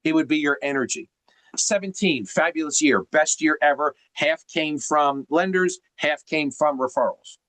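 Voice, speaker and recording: A man's voice: a little high, moderate pace, fairly bright tone, no echo. A man coaching someone on a video call, emphatic and teacherly, asking rhetorical questions as he explains.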